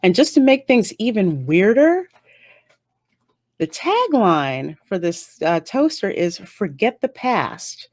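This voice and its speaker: A woman giving a casual, stream-of-consciousness review of a TV episode, chatty and animated, with sudden jumps up in pitch. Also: takes it slowly. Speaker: YouTube reviewer.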